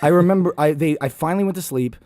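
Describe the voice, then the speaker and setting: A man's voice: a little high, rapid-fire, a little mellow, dry recording, clean studio sound. A young man on a podcast, telling a long, rambling, self-deprecating story in a casual way, often mimicking other people. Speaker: podcast guest.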